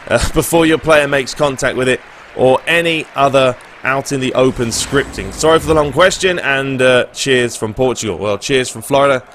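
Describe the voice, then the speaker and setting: A young man with a London English accent chats in a relaxed way as he answers viewers' questions over his gameplay. His voice sits at an ordinary middle pitch, and his talk is loose and full of filler words. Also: normal speed, slight background noise. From England. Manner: chatty and laid-back, with frequent filler words. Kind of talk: casual Q&A chat over gameplay.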